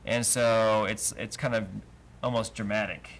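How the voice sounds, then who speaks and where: Gravelly-voiced man teaching Hebrew chant. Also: fairly low pitch, level tone, fairly quick, hardly any pauses. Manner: explains patiently, then chants trope names. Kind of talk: verse-by-verse cantillation lesson. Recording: livestream with faint noise.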